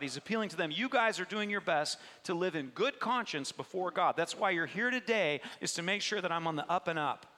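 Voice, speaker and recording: A man preaching to a congregation in a church hall, his voice high-pitched and forceful. He keeps it conversational, pausing to ask the room questions, and a long reverb trails behind each phrase. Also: very animated. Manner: conversational, asks the audience questions. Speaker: pastor. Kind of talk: preaching sermon.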